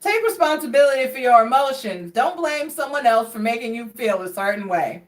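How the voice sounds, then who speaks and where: A woman giving a casual tarot reading, chatty and expressive as she talks straight to her viewers. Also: fairly high pitch, brisk, far from the mic. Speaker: tarot card reader. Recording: roomy sound from away from the mic.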